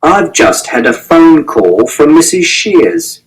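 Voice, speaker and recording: A man's voice: a little high, sing-song, takes it slowly, recorded from a distance, rough recording. A man reading the part of a stern, exasperated middle-aged father who scolds curtly and swears in anger.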